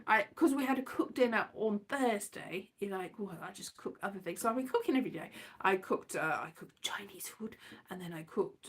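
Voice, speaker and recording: A woman chatting casually in a scatterbrained, rambling vlog, sometimes breaking into silly made-up songs. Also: medium pitch. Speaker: vlogger.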